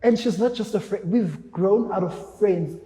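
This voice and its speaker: A man's voice: high voice, unhurried. A man, a radio traffic anchor, talking emotionally as a podcast guest. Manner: emotional, excitable, sentimental. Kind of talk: emotional interview chat. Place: podcast studio. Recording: echoey studio with long reverb.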